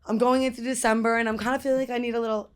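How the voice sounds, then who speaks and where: A woman's voice: a little high, level tone, racing, clear, resonant tone. A young woman co-hosting a podcast, telling a story in casual chat, rambling with lots of fillers. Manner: rambling, filler-heavy, laughing often. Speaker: podcast co-host.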